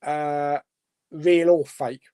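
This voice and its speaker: A man's voice: on the high side, steady tone, extremely slow, dark tone, clean tone. A man hosting a casual live chat, reading out viewer comments and musing aloud, laughing to himself as he goes. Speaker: host.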